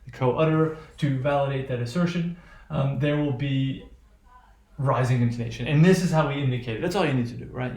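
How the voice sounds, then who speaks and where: A man's voice: mid-range voice, roomy sound. A man teaching a lesson on English intonation, hesitant, with many restarts and "right?" checks.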